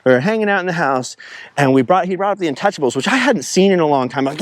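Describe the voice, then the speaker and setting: A high-voiced man rambles through a story in a casual travel vlog. His pitch swings widely as he gets excited. He talks from a car on the road. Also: quick pace. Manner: rambling, animated storytelling, slips into impressions. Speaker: travel vlogger. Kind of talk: casual storytelling while driving.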